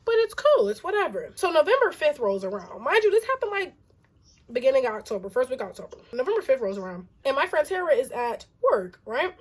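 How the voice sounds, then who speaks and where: A young woman with a high voice, recounting a story to her channel in a casual storytime. She talks in an animated, exasperated way, leaning on "like" and "you know what I'm saying.". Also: fairly quick. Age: young adult. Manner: animated and exasperated, heavy use of "like". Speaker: vlogger.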